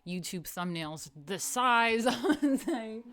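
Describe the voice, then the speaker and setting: A woman's voice: fairly high pitch, lively intonation, takes it slowly, a bit bright. A woman hosting a casual art history lecture, chatty and swearing, often drifting into asides. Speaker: host.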